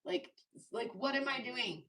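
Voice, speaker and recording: Slow-talking gravelly woman on a livestream. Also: on the high side, pushed and bright, rough recording. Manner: chatty, laughs often, self-mocking asides. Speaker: livestream host making jewelry. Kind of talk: casual livestream chat.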